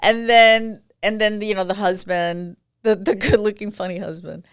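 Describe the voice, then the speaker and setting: A woman's voice: medium pitch, normal speed, clean tone, no echo, clean studio sound. A woman from Puerto Rico, a guest actress and comedian, telling stories in a casual interview, acting out quotes and laughing often. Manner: animated storytelling, acts out quotes, laughs often.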